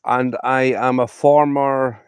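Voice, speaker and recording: A man's voice: mid-range voice, little pitch movement, slow, smooth, no echo. A man from Scotland chatting casually to live-stream viewers while fishing outdoors by the water, rambling and friendly. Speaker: fishing livestreamer.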